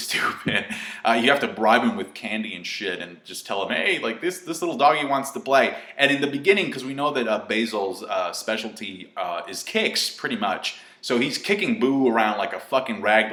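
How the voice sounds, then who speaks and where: A man's voice: on the low side, lively intonation, normal speed, pushed and bright. A man giving a casual, chatty review of an anime episode, swearing freely and filling his talk with asides and fillers. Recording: echoey room.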